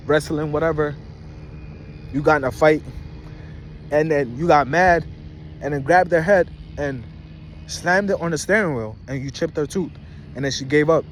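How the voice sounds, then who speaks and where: This casual rant comes from a man in his twenties vlogging outdoors at a rest stop, his voice a little high. He rambles in a slangy, disbelieving way, with a bit of hiss or hum in the recording.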